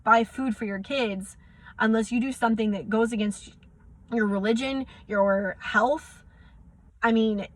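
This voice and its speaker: A young woman vlogging, frustrated and close to tears as she recounts confrontations in quick bursts of dialogue. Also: on the high side, no echo. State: near tears. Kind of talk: emotional personal vlog rant.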